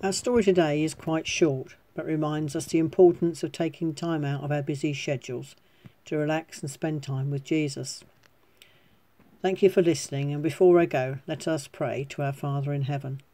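A woman reader giving a scripted Bible story and prayer for a church, calm and measured. Her voice is mellow and mid-pitched, and the recording is dry and close. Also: no echo.

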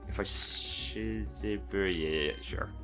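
A man's voice: low-pitched, extremely slow, music in the background. A young man co-hosting a let's-play, rambling through stories in casual banter while playing. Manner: rambling, storytelling, easily sidetracked. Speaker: gaming channel co-host.

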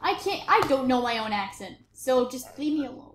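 A woman's voice: sits high, animated, moderate pace, few pauses, echoey room, slight background noise. A woman chatting in a self-mocking, giggly way as she plays a video game, commenting on the game. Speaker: gamer. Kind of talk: let's play commentary.

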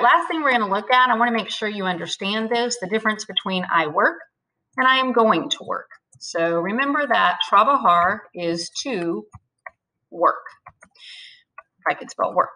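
Woman, teacher, bright voice, patient step-by-step explaining, grammar lesson. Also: on the high side, low-quality recording. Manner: patient, step-by-step explaining, slowing to spell out words. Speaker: Spanish teacher. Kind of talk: screen-share grammar lesson.

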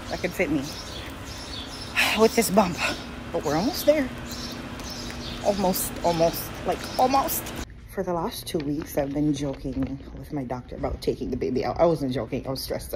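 A deep female voice comes through a noisy background. The speaker, a pregnant Jamaican vlogger in her twenties, talks frankly and chattily, unfiltered, sounding weary and winded.

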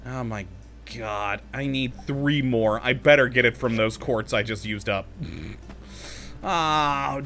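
A man's voice: mid-range voice, unhurried, sharp tone, soft background music. A man commentating casually as he plays a video game, talking to himself, easily exasperated and laughing often. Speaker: let's play host.

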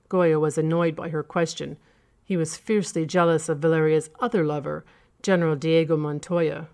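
Low-voiced woman reading a horror story. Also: level tone, moderate pace, darkish tone, clean tone. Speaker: narrator.

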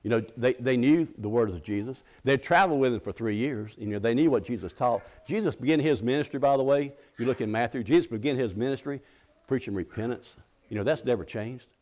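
A man's voice: medium pitch, fairly quick, a little mellow. A middle-aged man preaching a sermon in a folksy, conversational way, often restarting his sentences and acting out the scripture quotes.

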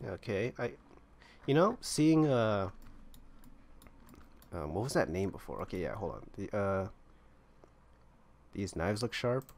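A man's voice: fairly low pitch, expressive, measured pace, pauses often. A man giving casual gameplay commentary, thinking aloud and rambling as he explores an online game. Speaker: gamer playing online roleplaying servers.

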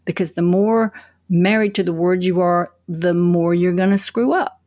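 A woman's voice: fairly low pitch, normal speed, warm tone, no room sound, muffled recording. A woman answering interview questions as a public speaking coach, telling stories energetically with quoted asides.

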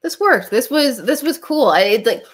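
A woman's voice: fairly high pitch, animated, normal speed, slightly rough. A woman hosting a casual comic book club livestream, talking in a rambling way with many restarts and laughs. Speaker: comic book channel host.

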